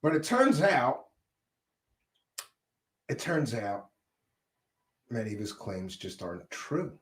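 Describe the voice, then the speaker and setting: A man hosting a live commentary stream, mocking and combative, jumping between shouting and muttering. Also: mid-range voice, sing-song, slow pace, roomy sound. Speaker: commentary show host.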